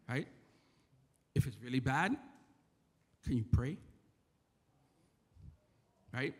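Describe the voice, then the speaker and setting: Husky Bronx man preaching in a hall. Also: medium pitch, expressive, extremely slow, long pauses. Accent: New York (Bronx). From the Bronx, New York. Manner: conversational, repeats "right?" to the crowd. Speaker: church member giving a talk. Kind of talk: informal sermon. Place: church. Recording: echoey church hall.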